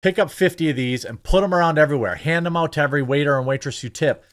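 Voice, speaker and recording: A man's voice: a little high, quick pace. A man hosting casual political commentary, blunt and sarcastic, rambling with lots of fillers and restarts.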